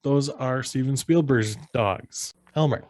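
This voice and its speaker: A podcast co-host with a mid-range, slightly mellow voice speaks slowly, casually recapping a film scene by scene and acting out lines in raised voices. The recording is dry.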